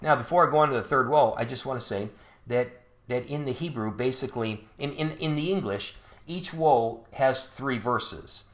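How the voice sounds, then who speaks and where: A man's voice: mid-range voice, normal speed. A man preaching a sermon, reading scripture verse by verse and asking rhetorical questions. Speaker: pastor. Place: church sanctuary. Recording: echoey church sanctuary.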